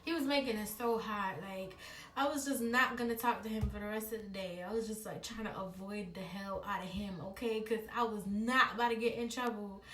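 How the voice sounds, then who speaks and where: A woman vlogger telling a story in an animated way, laughing and acting out dialogue. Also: medium pitch, brisk, recorded from a distance, faint music behind. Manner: expressive, laughs, acts out dialogue. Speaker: vlogger, relationship coach. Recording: roomy echo, a bit off-mic.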